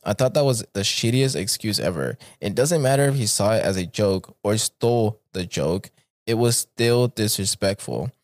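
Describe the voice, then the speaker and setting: A man's voice: lowish voice, a little mellow, no room sound. A man hosting a podcast, reading stories aloud in a laid-back, casual way and swearing freely.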